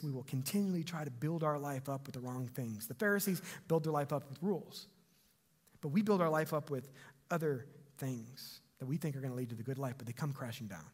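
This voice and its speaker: A man preaching a sermon as pastor, telling a Bible story with animated emphasis that swings between loud and quiet. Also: a little high, breathy edge. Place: church sanctuary.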